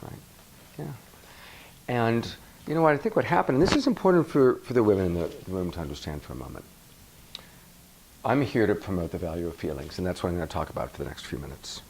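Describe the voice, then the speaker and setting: Animated male coach addressing a room. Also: sits low, quick pace, creaky, long pauses, slight background noise, rough recording. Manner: animated, asks the audience questions, acts out examples. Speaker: relationship coach. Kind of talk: workshop talk to a live audience. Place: workshop room with an audience.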